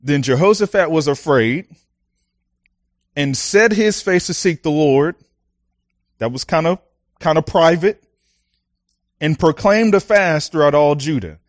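A young man preaching a sermon, casual and animated, telling personal stories with lots of fillers and laughs. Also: on the high side, dry recording, studio quality.

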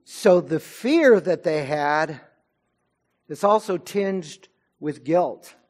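A male pastor delivering a sermon in a fairly high voice. He speaks slowly and deliberately, letting his intensity swell and then drop back down. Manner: preaching with rising and falling intensity.

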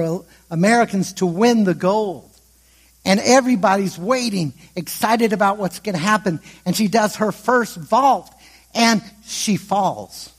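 A man with a fairly high, husky voice preaches to his listeners, telling a story step by step. He builds tension, sometimes racing ahead and sometimes slowing right down. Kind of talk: sermon storytelling.

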